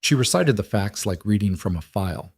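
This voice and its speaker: Male narrator, low voice, steady scripted storytelling, dry close read. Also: brisk, slightly rough, dry recording.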